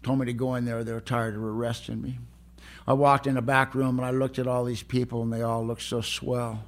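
A man quoting a gentle elderly woman who pleads with him softly and slowly. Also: mid-range voice, level tone, lightly acted. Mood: pleading.

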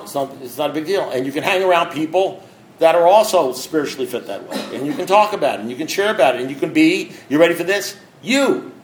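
A man's voice: a little high, a little hiss or hum. Blunt man telling his story, echoey room. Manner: blunt, conversational, acts out voices in his story. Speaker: speaker sharing a recovery story. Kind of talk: candid personal talk to an audience.

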